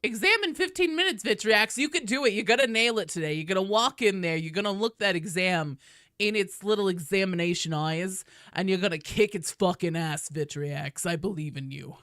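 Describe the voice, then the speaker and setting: A woman putting on the high voice of an encouraging old lady who gives a pep talk and swears a little. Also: moderate pace, a bit bright, no room sound, studio quality, natural voice. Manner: cheerful and encouraging, with crude swearing.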